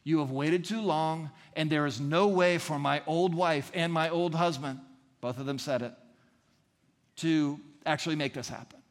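A male pastor delivers an earnest sermon, stacking repeated phrases to drive each point home. His voice sits slightly higher than most men's. The sound carries the long, lingering reverb of a large church hall. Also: moderate pace.

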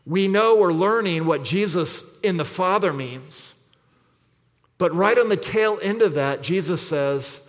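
Speaking a little slowly in a high voice, this male pastor delivers an emphatic sermon full of repeated scripture and rhetorical questions. The sound carries the lengthy reverb of a big hall.

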